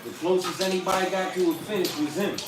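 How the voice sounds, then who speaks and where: A man hosting a live stream, giving casual, profane fight commentary and yelling coaching at the screen. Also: high-pitched, steady tone, quick pace. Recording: echoey room, distant mic, music behind.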